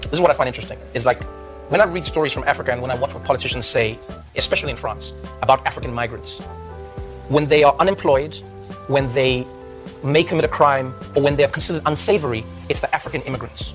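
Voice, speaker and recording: A man delivering a comedic monologue as a talk show host, animated and emphatic, repeating words when he gets worked up. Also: medium pitch, quick pace, soft background music.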